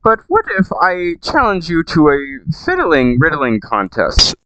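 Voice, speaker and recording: A man's voice: on the high side, wildly swooping pitch, a little slow, noisy background, pitched above the performer's own voice. A man voicing a timid, nerdy male hobbit who talks in a fussy, prissy way. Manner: prissy, with a fussy stock phrase he keeps repeating.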